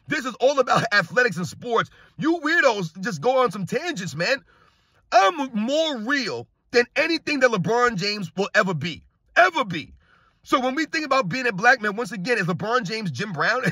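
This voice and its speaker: Middle-aged guy ranting hard about sports, keeps saying man, bright husky voice, dry sound. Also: very high-pitched, no echo. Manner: heated, repetitive, emphatic with "man". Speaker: sports commentary channel host. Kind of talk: ranting commentary to camera.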